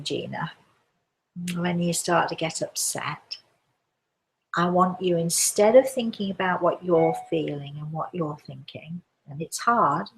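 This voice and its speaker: Gentle gravelly-voiced woman medium. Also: lowish voice. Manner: gentle, reassuring, calls listeners darling. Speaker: medium hosting a call-in show. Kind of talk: live show reading listener questions.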